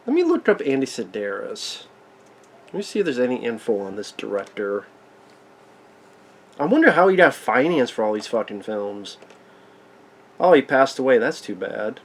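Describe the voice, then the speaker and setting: A man's voice: medium pitch, very animated, moderate pace, pauses often, rough recording. Sarcastic man riffing on a movie. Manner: sarcastic, swearing, incredulous. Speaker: movie reaction commentator. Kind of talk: casual profane movie commentary.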